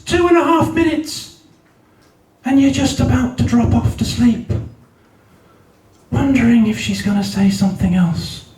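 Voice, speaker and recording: A man's voice: very high-pitched, darkish tone. A man from South Wales doing a stand-up set at a comedy night, ranting in exasperation and swearing heavily. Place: large function room at a comedy night. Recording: roomy live venue, mic at a distance.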